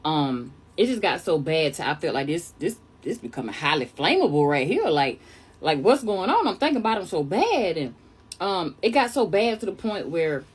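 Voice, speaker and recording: Husky, animated woman from New York. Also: medium pitch. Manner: chatty, animated, calls listeners honey. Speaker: storyteller vlogger. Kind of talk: casual storytime monologue.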